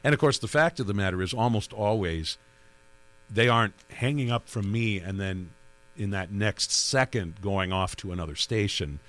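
This radio interview show host speaks at a normal speed in a lowish, slightly bright voice. His talk is conversational as he rambles through stories about his work, restarting often.

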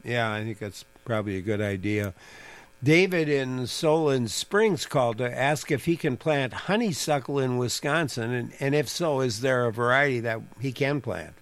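A man's voice: medium pitch, moderate pace, clean tone. A man hosting a call-in garden radio show, chatting with a guest and reading out listener questions. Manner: relaxed, reads listener questions.

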